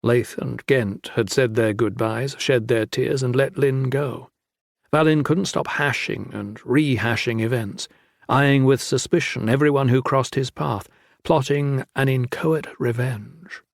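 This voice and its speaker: A man narrates a fantasy novel in a steady, measured manner. His voice sits in an ordinary middle range. The recording is close and very dry, with no room sound. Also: medium pitch, vocal fry, dry recording. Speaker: audiobook narrator. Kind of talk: scripted audiobook narration.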